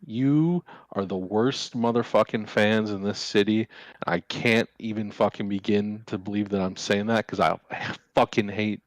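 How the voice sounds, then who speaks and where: Furious swearing man, low voice. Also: fairly even intonation, unhurried, dry recording, low-quality recording. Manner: furious, profane, insulting. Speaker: podcast co-host. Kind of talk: casual sports podcast rant.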